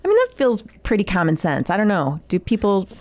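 Lively woman chatting and reading aloud. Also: medium pitch, brisk. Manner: reads aloud from a guide with joking asides. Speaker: podcast co-host. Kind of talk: casual comedic chat.

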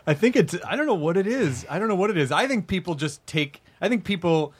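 A chatty man with a fairly high voice that leaps around in pitch. He co-hosts a loose comedy podcast, joking and acting out imagined people's lines as he goes. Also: animated, fast, slightly rough. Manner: chatty, jokey, acts out quoted voices. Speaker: podcast co-host. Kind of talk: casual comedic podcast chat.

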